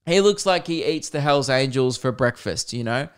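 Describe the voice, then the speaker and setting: Bloke, young, smooth clear voice, animated comic storyteller, swears a lot. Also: male voice, medium pitch, normal speed. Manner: animated, self-mocking, swears freely. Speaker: podcast host. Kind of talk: comedic storytelling.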